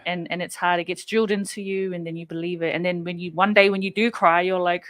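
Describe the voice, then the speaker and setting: A woman co-hosting a casual podcast, emotional and quick to laugh as she reads quotes aloud. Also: on the low side, steady tone, fairly bright tone, dry recording. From Samoan family. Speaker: podcast co-host.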